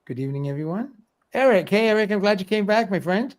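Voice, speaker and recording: A middle-aged livestream host chats casually in a high voice with lively intonation, talking fast. He reads viewer comments aloud and laughs often.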